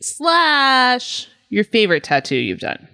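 A woman's voice: fairly high pitch, huge pitch swings, slow, bright, forceful tone, no room sound, clean studio sound. A woman hosting a casual podcast, asking questions in a playful, jokey way. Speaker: podcast host.

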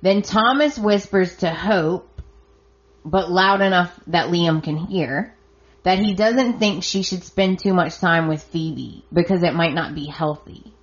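A woman's voice: on the low side, highs cut off. A woman hosting a podcast, recapping episodes in a chatty, casual way and reacting with surprise and sarcasm. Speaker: podcast host. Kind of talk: casual soap opera recap.

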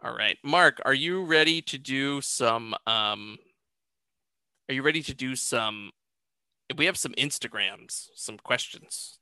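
A man hosting a casual film review podcast, animated and joking, quick to laugh. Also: mid-range voice, no echo. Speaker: podcast host.

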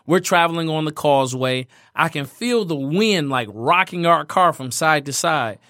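Male host who tells stories casually, with a higher voice and a dry close sound. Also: animated, moderate pace, pushed and bright, no echo. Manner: storytelling, easygoing, frequent "man" and "you know". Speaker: podcast host. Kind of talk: casual conversation.

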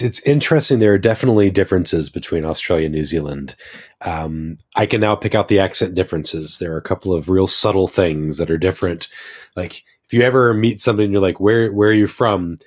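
Deep-voiced man telling travel stories. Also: brisk. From United States. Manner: enthusiastic, rambling storyteller. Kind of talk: casual chat.

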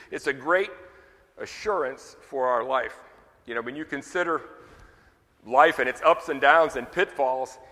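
Male pastor, emphatic and conversational sermon delivery, bright tone, reverberant sanctuary. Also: on the high side. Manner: emphatic, conversational preaching with rhetorical questions. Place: church sanctuary.

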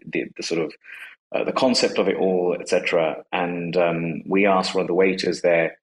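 Low-voiced man, halting and full of fillers. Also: fairly even intonation, rough recording. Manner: hesitant, many fillers and restarts. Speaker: guest, company co-founder. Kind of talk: casual conversation on a live audio space.

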